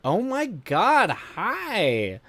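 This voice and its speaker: A man's voice: high voice, wildly swooping pitch, drawn-out words, fairly bright tone, pitched above the performer's own voice, full character voice. A man voicing a bubbly young woman in a gushing valley-girl drawl, reading a story aloud.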